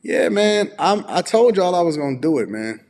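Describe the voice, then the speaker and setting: A man hosting a casual live stream from home, relaxed and a bit groggy with a slightly raspy voice, chatting and reading viewer messages aloud. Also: sits high, moderate pace, in a large hall. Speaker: host.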